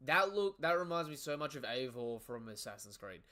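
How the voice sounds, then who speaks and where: Excitable male reaction host, loud outbursts, mid-range voice. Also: medium pitch, fairly quick. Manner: excitable, exclamatory, swearing. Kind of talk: live reading reaction.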